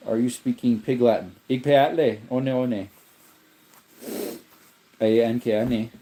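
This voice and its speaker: A man hosting a livestream, reading viewer comments aloud in a relaxed, rambling way while yawning. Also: mid-range voice, measured pace. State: sleepy, yawning. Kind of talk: casual chat.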